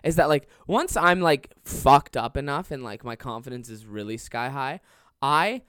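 A man's voice: medium pitch, expressive, moderate pace, a bit bright, clean tone, no room sound, clean studio sound. A young man telling a comedic story on a podcast, rambling and swearing, laughing as he goes. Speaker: podcast host.

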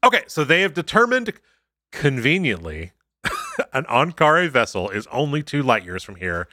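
A man's voice: on the high side, no echo, studio quality. A man casually recapping a TV episode on a podcast, acting out characters' lines as he goes. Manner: animated, acts out characters' lines in quick retelling. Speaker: podcast co-host.

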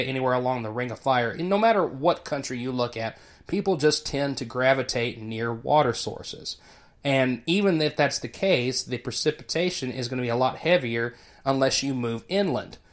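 A man, an educator, giving casual commentary in an explanatory, teacher-like way, chuckling now and then. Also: medium pitch.

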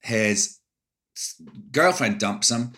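A man's voice: mid-range voice, expressive, slow, sharp tone. A middle-aged Scottish man, an actor, reflecting in a casual interview with many restarts.

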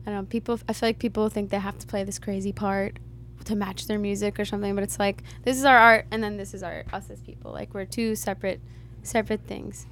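A woman musician, a guest in an interview, talking in a relaxed, candid way with many fillers. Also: medium pitch, fast, slight background noise. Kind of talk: casual interview chat.

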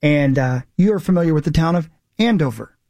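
A man's voice: on the high side, expressive, brisk, darkish tone, dry recording, clean studio sound. A man in his forties, a morning radio host, telling a rambling, emphatic story with self-mocking asides. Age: 40s. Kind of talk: casual morning radio chat.

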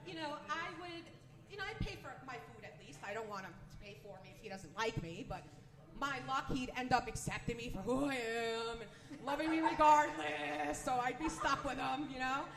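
A woman in her forties from the Northeast US does a stand-up set at a comedy club, her high, gravelly voice moving at normal speed over a crowd in the background. She's chatty, nervous, and self-deprecating, and the live room is echoey.

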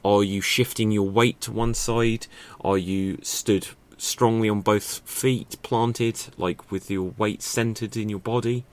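A man's voice: on the low side, fairly even intonation, takes it slowly. A man giving a casual spoken lesson on acting and stagecraft, thinking aloud with many rhetorical questions and fillers. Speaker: acting and improv teacher.

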